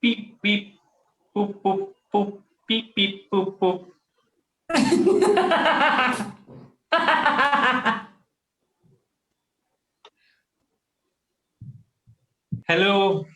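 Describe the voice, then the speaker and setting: A man playing a silly robot-like alien probe on Earth in a live improv scene, beeping and booping between halting sentences. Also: sits high, expressive, pushed and bright, echoey room, full character voice, poor audio.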